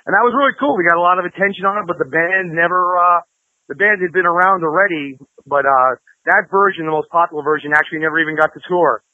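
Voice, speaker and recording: A fast-talking man with a slightly high voice, rambling through his stories with many fillers and restarts. The sound is dry and tinny, like a phone call. He is a guest in a casual chat. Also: no echo. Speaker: interview guest, guitarist.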